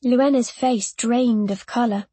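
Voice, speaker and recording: Woman, audiobook narration, first person, higher voice, dry sound. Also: fairly even intonation, slow pace, mellow, breathy edge, no echo.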